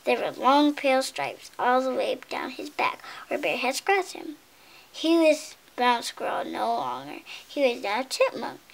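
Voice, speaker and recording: A woman reading a picture book aloud in an expressive way, correcting her slips and adding asides about the pictures. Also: a little high, unhurried, vocal fry. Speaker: storybook reader.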